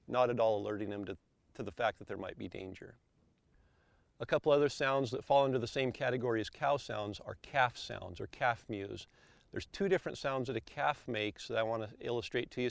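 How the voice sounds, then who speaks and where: A man calmly explaining elk calls step by step, as an instructor. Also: mid-range voice, creaky, dry recording. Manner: calm, methodical, explains step by step.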